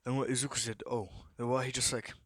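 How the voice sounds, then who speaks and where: A man's voice: mid-range voice, level tone, fast, fairly bright tone, no room sound, clean studio sound. A young man casually narrating an improvised fan story, rambling with lots of fillers and repeated prompts to himself.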